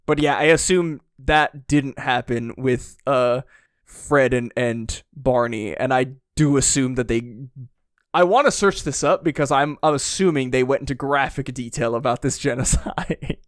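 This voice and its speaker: A young man chats on a podcast in an average-pitched voice, recorded close and dry. He tells animated stories full of "like" fillers and leaps into high, disbelieving exclamations. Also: moderate pace, dry recording. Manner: animated storytelling, lots of "like", bursts of disbelief. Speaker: podcast co-host. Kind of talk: casual chat. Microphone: podcast microphone.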